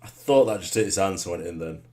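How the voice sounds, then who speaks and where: A low-pitched man talks through his football match as he plays it. His voice swings widely, from grumbling under his breath to yelling, and he keeps asking himself rhetorical questions. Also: fast talker. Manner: muttered rhetorical asides with sudden excited shouts. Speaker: gamer commentating his own match. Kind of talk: live gameplay commentary.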